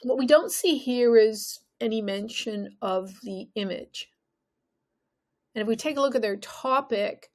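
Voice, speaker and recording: A woman teaching an exam-prep lesson, talking emphatically and putting questions to the viewer. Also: mid-range voice.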